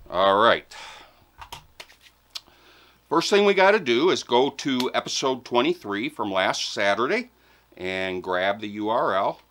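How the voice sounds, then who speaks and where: A man's voice: mid-range voice, pushed and bright. A man hosting a weekly giveaway vlog, talking to viewers in a playful, enthusiastic, joking way. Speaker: host of a fishing channel giveaway. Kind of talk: upbeat casual vlog address to viewers.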